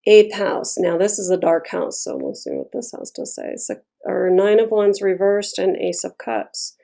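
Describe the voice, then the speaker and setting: A woman's voice: mid-range voice, very animated, moderate pace, creaky, dark tone. A woman giving a casual tarot reading, talking bluntly and chattily and swearing freely. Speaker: tarot reader.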